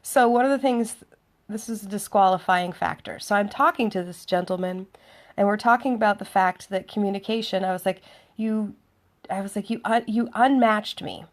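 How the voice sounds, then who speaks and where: A vlogger tells a dating story in a chatty, sardonic monologue, acting out both sides of the conversation. Her voice is mid-range and she speaks at a normal speed.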